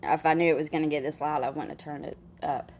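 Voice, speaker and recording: A woman's voice: low voice, steady tone, fast, a little mellow. A woman chatting casually as she reacts to a video clip, exclaiming and laughing between remarks.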